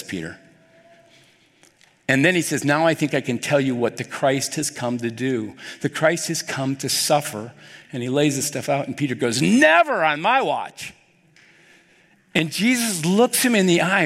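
A male pastor preaching a sermon, telling the story with animated, acted-out dialogue. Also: medium pitch. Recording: long hall reverb.

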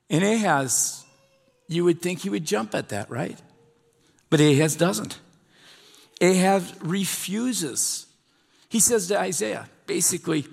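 A man's voice: high-pitched, expressive, slow, vocal fry, pauses often, husky. A male pastor preaching a sermon, retelling a scripture story in a conversational way. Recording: long hall reverb.

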